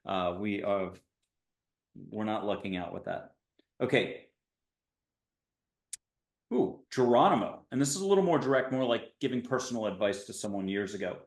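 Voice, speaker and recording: A man's voice: lowish voice, animated, normal speed, echoey room. A man hosting an interview show in a casual, rambling way, cracking dad jokes. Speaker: podcast host. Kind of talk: casual video-call interview.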